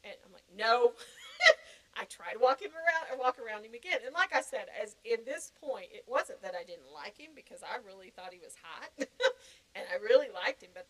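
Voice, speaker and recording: An older woman telling a personal story in a podcast interview, animated and laughing often. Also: a little high, brisk, low-quality recording. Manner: animated, laughing, acting out quoted reactions. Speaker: guest.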